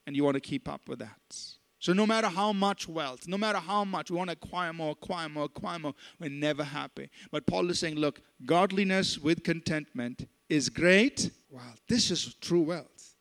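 A man preaching a sermon as pastor, emphatic, slowing down on scripture and asking the congregation to respond. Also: high-pitched, a bit bright.

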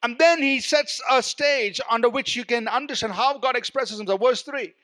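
A man preaching a sermon, teaching verse by verse, swinging from loud emphasis to soft, low asides and asking his listeners "Amen?". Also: normal speed, hardly any pauses.

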